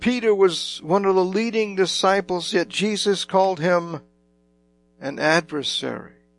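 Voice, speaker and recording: Slow gravelly male preacher. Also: sits high, soft background music. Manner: slow, emphatic, dramatic swings in loudness. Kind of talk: sermon.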